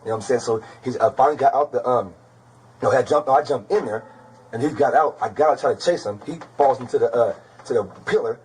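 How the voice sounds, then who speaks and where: A man being questioned, giving a rapid, rambling account and repeating "bro" constantly. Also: medium pitch, a little mellow, slightly rough, poor audio. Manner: rapid, repetitive, keeps saying bro. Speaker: interrogated suspect.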